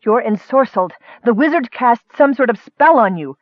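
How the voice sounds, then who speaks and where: A man's voice: very high voice, animated, normal speed, no room sound, highs cut off, voice pushed up. A man voicing a fierce defiant young woman. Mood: accusing. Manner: loud, sharp and indignant.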